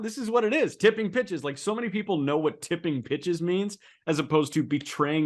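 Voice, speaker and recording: A man co-hosting a casual sports podcast, talking in an animated, incredulous way and jumping to high, emphatic pitch when he makes a point. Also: brisk, hardly any pauses. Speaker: co-host.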